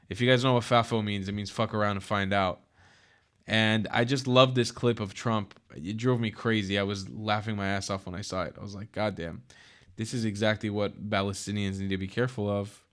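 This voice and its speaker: A man giving casual, profane and animated commentary on news clips as the host of his channel. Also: lowish voice.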